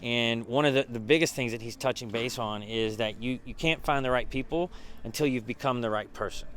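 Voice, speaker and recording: Man, mid pitch, casual recap, filler-heavy, faint background noise. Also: fairly quick, fairly bright tone. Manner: casual, conversational, many fillers and restarts. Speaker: mastermind group leader. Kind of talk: behind-the-scenes recap.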